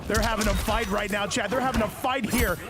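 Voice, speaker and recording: A man hosting a live esports tournament stream, commentating excitedly and often shouting, talking quickly until he runs out of breath. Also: high-pitched, heavy background noise. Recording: loud game music behind.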